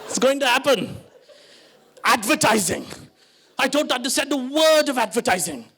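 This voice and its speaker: High-voiced Indian stand-up comedian. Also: male voice, a little fast. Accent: Indian English. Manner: animated, switching into character voices.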